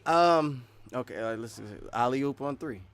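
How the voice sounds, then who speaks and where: A man giving casual, excitable live-stream commentary while wearing earphones, rambling and swinging between loud and soft. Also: medium pitch, a little slow, smooth. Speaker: streamer reacting to game news.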